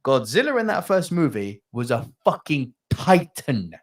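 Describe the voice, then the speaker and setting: A man co-hosting a movie podcast in casual chat, animated and swearing freely. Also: fairly high pitch, unhurried. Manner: animated, swearing, bursts into loud laughter. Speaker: podcast co-host.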